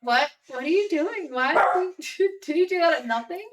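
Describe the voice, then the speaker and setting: A woman's voice: extremely high pitch, lively intonation, moderate pace, distant mic, low-quality recording. A woman with an Australian accent, chatting casually with her live-stream audience and rambling with lots of "like". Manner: chatty, rambling, heavy use of "like".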